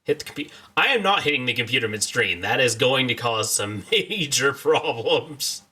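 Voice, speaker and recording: Bright, lively young man streaming a game. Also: medium pitch, normal speed, husky. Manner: jokey, rambling, chats to viewers. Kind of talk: casual let's-play commentary.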